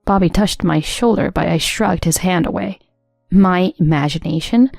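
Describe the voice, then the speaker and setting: A woman narrating a first-person story in an even, composed way. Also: on the low side, normal speed, creaky, dry recording, studio quality. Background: soft music.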